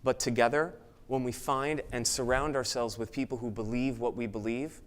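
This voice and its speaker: A man's voice: mid-range voice, moderate pace. A man giving an earnest, emphatic motivational talk at a conference, speaking to an audience in a room. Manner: earnest, emphatic, acts out excited voices.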